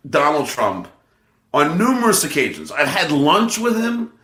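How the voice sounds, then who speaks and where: A male comedian and podcast host, telling an animated story full of stammered restarts. His voice is bright and sits a bit high, swinging widely in pitch. The room around him rings with echo. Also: measured pace. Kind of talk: casual storytelling chat.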